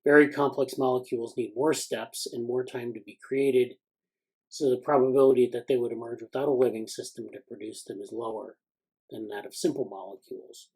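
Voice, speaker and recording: This man's voice is medium-pitched, husky and darkish, steady but brisk, captured in low quality. As host of a relaxed research call, he reads newsletter items aloud and follows each with tentative commentary, often restarting and using fillers.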